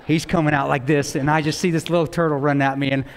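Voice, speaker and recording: A man's voice: on the high side, flat delivery, fast talker. A man telling a war story as a guest speaker at a college lecture, blunt and self-mocking. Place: large lecture hall. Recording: long hall reverb.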